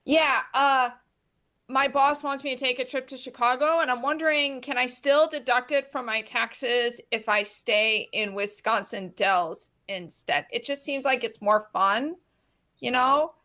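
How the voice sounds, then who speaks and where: A woman's voice: high voice, unhurried, bright, forceful tone. A woman calling in to a mock tax show in an improv comedy show, hesitant and scheming. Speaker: caller in improv.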